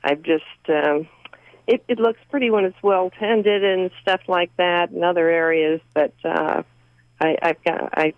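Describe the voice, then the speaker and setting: A woman's voice: on the low side, no echo. Hesitant woman caller on a tinny phone line. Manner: hesitant, halting, many fillers. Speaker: radio caller.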